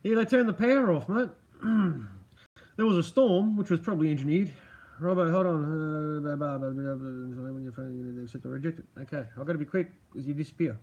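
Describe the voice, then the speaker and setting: A man's voice: a little high, brisk, gravelly, darkish tone, husky, dull audio. A man hosting a livestream, chatting casually to viewers, swearing freely and rambling with restarts. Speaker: livestream host reading chat. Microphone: computer mic.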